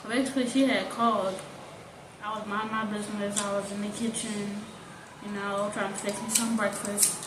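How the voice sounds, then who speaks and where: A woman's voice: mid-range voice, normal speed. A woman, the host's daughter, casually retelling what happened and acting out the quotes as she goes. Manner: animated retelling with acted-out quotes. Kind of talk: casual storytelling. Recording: echoey, distant from the mic, noisy background.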